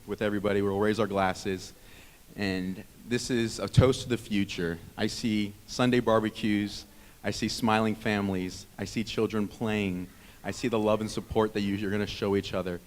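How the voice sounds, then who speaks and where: A man in his thirties giving a rambling, heartfelt wedding toast as the groom's brother, teasing himself between warm words. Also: on the low side. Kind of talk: wedding speech. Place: wedding reception hall. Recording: long reverb of a reception hall.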